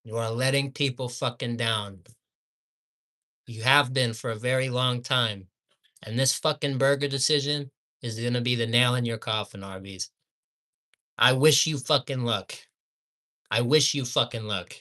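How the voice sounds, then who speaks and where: A man reviewing fast food in a profane rant, repeating insults and swinging between low muttering and loud yelling. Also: steady tone.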